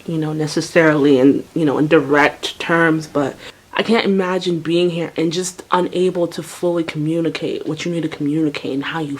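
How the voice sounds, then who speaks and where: A young woman vlogger telling a storytime tale in a lively way, acting out voices and sounds. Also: deep voice. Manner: animated, acts out voices and sounds. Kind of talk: storytime vlog.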